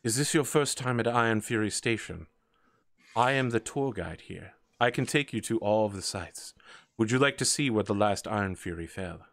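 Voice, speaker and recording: A man's voice: on the low side, animated, moderate pace, a bit bright, no room sound, studio quality. A man playing a gushing dwarf tour guide. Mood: welcoming. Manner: earnest, sentimental salesman patter.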